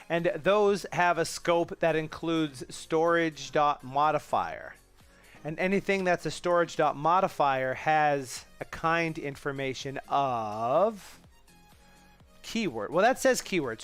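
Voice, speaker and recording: A man's voice: on the high side, a bit bright, clear, resonant tone. A man hosting a casual live coding stream, thinking aloud and chatting with viewers in a rambling way, with restarts and asides.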